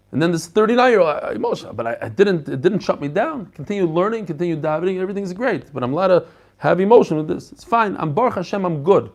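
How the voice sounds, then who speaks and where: Brief: middle-aged male rabbi, high voice, animated Talmud lecture peppered with Hebrew terms. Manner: animated, mixes English with Hebrew and Yiddish terms, talks to listeners directly. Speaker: rabbi teaching a daily Talmud page. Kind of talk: lively Talmud class lecture.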